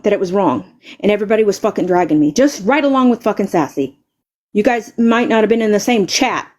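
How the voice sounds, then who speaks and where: Stammering and repeating herself, a female live streamer swears heavily through a furious, confrontational tirade. Her voice is a little high and a little mellow.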